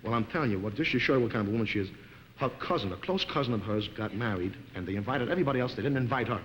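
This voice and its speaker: A comedian delivering a monologue as an exasperated husband, in an old television broadcast. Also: male voice, rapid-fire. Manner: exasperated, animated storytelling with big pitch swings. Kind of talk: comic monologue. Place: television studio stage. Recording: 1950s television broadcast, hall reverb, noisy.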